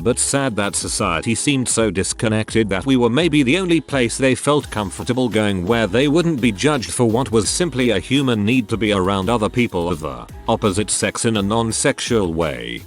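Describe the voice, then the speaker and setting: A man reading online posts aloud in a steady, even scripted narration. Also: on the low side. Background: faint background music.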